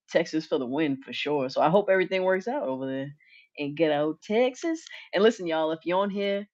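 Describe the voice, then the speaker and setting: A woman co-hosting a podcast, talking in a relaxed, conversational, casual way. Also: sits low. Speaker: podcast co-host. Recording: dull lo-fi audio.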